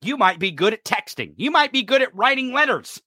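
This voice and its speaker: Furious podcast host, male, profane shouting rant, bright edgy voice. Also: very high-pitched, very animated, fairly quick, breathy edge, no echo, studio quality. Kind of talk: political rant.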